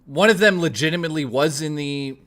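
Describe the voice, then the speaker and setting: A man with a slightly raised pitch chats on a live stream. His storytelling rambles and is peppered with profanity. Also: brisk, a bit bright. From Toronto, Canada.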